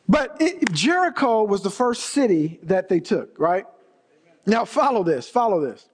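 High voiced guy preaching, keeps repeating stuff for emphasis, big church echo. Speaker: pastor. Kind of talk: sermon. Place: church sanctuary. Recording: long reverb of a large hall.

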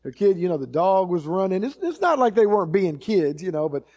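A man's voice: high-pitched, sing-song, brisk, a little mellow. A middle-aged male pastor preaching a sermon, repeating key phrases with emphasis and many fillers.

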